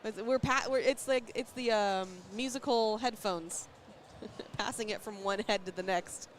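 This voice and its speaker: A woman's voice: fairly high pitch, steady tone, unhurried. Chatty American woman commentator, noisy venue. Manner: chatty, laughs often, teasing. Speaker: cornhole commentator. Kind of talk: casual play-by-play commentary. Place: tournament venue.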